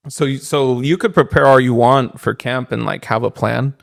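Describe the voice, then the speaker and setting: A man's voice: medium pitch, fairly even intonation, normal speed, vocal fry, no echo. A man co-hosting a podcast, asking his guest short casual questions. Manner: asks short questions, says "dude". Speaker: podcast co-host. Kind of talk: casual chat.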